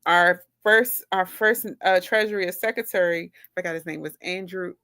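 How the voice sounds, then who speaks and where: A woman's voice: lowish voice, normal speed, fairly bright tone, dry recording, studio quality. A woman from the United States giving an informal, rambling talk, full of fillers and restarts.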